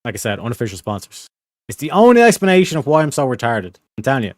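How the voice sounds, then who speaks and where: Young male streamer, loose and rambling, heavy on filler, mid-pitched and dry. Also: sing-song, fast, no room sound. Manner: rambling, full of filler phrases and slang. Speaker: livestream host reading donations. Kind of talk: casual livestream chat.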